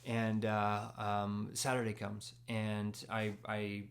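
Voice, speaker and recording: A man's voice: lowish voice, monotone, takes it slowly. A young man sharing a personal faith testimony in a casual storytelling way, acting out the dialogue and laughing at himself. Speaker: Christian speaker sharing testimony.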